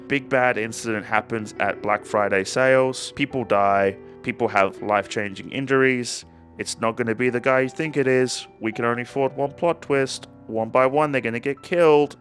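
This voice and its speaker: A young man cracks jokes through a casual movie review, rambling and swearing freely as he restarts his thoughts mid-sentence. His voice sits at an ordinary middle pitch. A faint guitar plays behind him. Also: moderate pace, fairly bright tone. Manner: rambling, profane, jokey with self-interrupting restarts.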